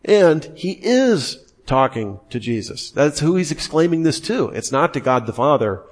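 A man's voice: on the high side, big pitch swings, unhurried. A man giving a Christian apologetics lesson in a conversational way, with emphatic, incredulous asides. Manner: conversational, acts out quoted voices. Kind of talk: lively teaching talk.

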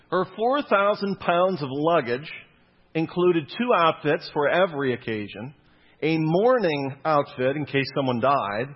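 A man's voice: fairly high pitch, breathy edge. A young man giving a casual, conversational sermon, mixing scripture reading with self-deprecating personal stories and frequent laughter. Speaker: preacher. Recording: dull lo-fi recording.

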